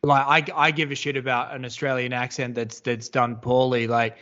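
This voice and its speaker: A man's voice: mid-range voice, little pitch movement, normal speed, pushed and bright. A man co-hosting a podcast in casual chat, rambling and hedging, swearing now and then. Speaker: podcast co-host. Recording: slightly dull audio.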